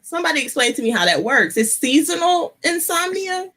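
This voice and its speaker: A woman from the United States chatting casually as a co-host, giggly and animated, squealing when excited. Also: high-pitched, a little fast. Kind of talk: casual chat.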